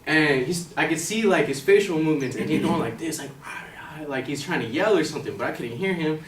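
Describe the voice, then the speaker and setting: A man's voice: a little high, fast talker, distant mic. Slangy young man telling a story, roomy. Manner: casual, animated, slangy, laughs along. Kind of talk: live personal storytelling. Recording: roomy hall from afar, faint noise.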